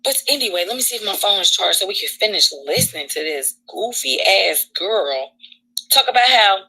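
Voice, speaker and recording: Sharp-voiced woman ranting on a live stream. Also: mid-range voice, expressive, moderate pace, breathy edge, poor audio. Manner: blunt, profane, emphatic, repeats herself. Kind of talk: casual live-stream rant.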